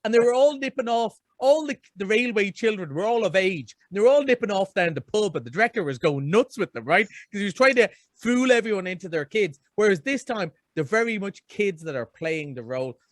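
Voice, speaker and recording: A man's voice: sits high, animated, brisk, few pauses, dry recording, clean studio sound. A middle-aged man, reviewing films in an enthusiastic, rambling radio chat. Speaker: film reviewer.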